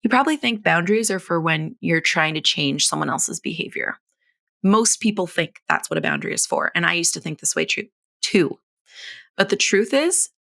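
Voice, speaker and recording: A woman in her thirties hosting a solo podcast, coaching in a blunt, frank and animated way, swearing casually and laughing often. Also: sits low, creaky. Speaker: podcast host.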